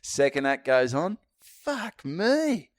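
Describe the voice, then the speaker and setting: An Australian man in casual podcast chat, acting out hecklers as he tells a story. His pitch moves a great deal. The sound is close and dry, with no room echo. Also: slow pace. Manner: animated storytelling, acts out hecklers. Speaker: podcast co-host, comedian.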